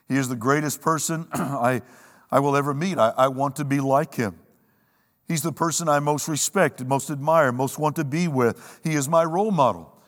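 A man preaching a sermon, emphatic, with dramatic pauses and a slow, weighty delivery when he quotes scripture. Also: mid-range voice, fairly bright tone. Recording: long reverb of a large hall.

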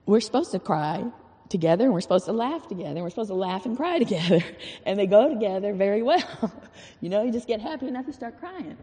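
A woman's voice: medium pitch, big pitch swings, quick pace, dark tone, big-room sound. A woman giving an informal, earnest sermon in a folksy way, repeating phrases for emphasis. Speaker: church speaker.

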